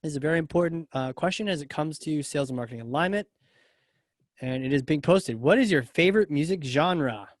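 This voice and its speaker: A man hosting a live podcast in a slightly high voice. He jokes with the audience and keeps it relaxed. The sound is dry, with no room echo. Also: fairly quick. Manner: relaxed and joking, lots of short agreements. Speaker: podcast host. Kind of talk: casual live show hosting.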